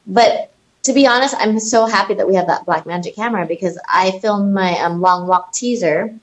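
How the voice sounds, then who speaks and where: A woman's voice: mid-range voice, moderate pace, rough recording. A woman in her thirties, a film director as a podcast guest, telling stories with lots of energy, laughter and swearing. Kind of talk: casual podcast interview.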